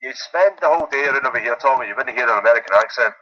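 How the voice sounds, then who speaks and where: A man's voice: mid-range voice, very fast, muffled recording, a little hiss or hum. A Scottish man calling into a radio show, chatting in an easygoing, rambling way with lots of fillers. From Scotland. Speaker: caller. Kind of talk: casual chat.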